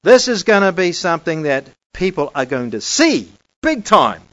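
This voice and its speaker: A man teaching through scripture in a conversational sermon, emphatic and swinging between loud and hushed. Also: fairly high pitch, sing-song, normal speed. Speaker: Bible teacher. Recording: dull lo-fi recording.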